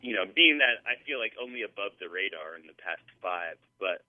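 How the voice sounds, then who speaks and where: A man's voice: lowish voice, expressive, brisk, dry recording. A male musician guest telling stories in a casual interview, rambling with lots of fillers and restarts. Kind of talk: casual interview over the phone. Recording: tinny phone line, dry.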